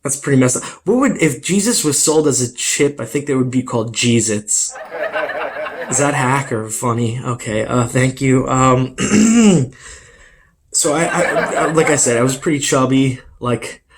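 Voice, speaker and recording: A man's voice: mid-range voice, unhurried, crowd noise. A young man doing a self-deprecating stand-up comedy set, with many fillers. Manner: rambling, filler-heavy, self-deprecating delivery.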